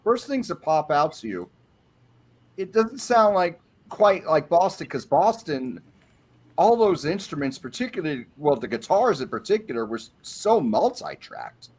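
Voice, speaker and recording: Brief: male panelist, slightly higher voice, opinionated album reviewer, casual. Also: big pitch swings, unhurried, a little mellow, slightly rough. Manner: opinionated, track-by-track commentary.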